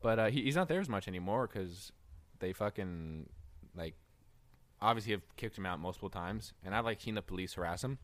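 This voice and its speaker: Young man, low voice, casual rambling podcast storytelling, dry close sound. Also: animated, fairly quick, fairly bright tone, dry recording. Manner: rambling, lots of fillers and swearing. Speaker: podcast host.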